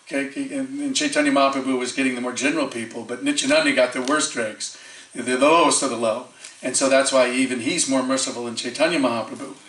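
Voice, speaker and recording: A man giving a storytelling sermon as a preacher, lively, acting out the quoted voices of the people in his story and chuckling often. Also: mid-range voice, quick pace. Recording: echoey temple hall from far off.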